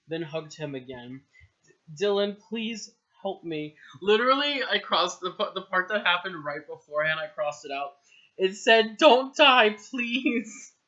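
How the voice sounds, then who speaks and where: A man's voice: on the high side, bright, forceful tone. A man casually reading aloud his own old story, giggling, mocking himself and swearing in asides. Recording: dull lo-fi home recording.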